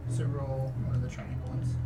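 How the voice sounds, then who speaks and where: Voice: medium pitch, monotone, fairly quick, over loud music. A player in a tabletop role-playing game, helping with the rules.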